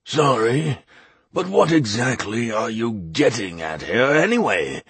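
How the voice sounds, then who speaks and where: A man doing a quiet, probing masked councilman. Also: mid-range voice, very animated, a little slow, creaky, breathy edge, dry recording, heavily acted. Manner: quiet, pointed questioning.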